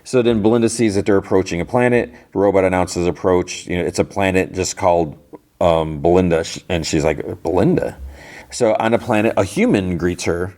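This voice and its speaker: A deep, darkish-voiced man talks fairly quickly while hosting a podcast. He gives a rambling, casual recap of a TV episode, stumbling into fillers and restarts along the way.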